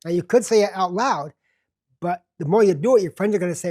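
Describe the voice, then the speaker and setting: A man hosting a self-help television show, teaching in a deliberate, emphatic way and slowing down to stress key words. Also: sits high, lively intonation, a little mellow. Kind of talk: self-help lecture to camera.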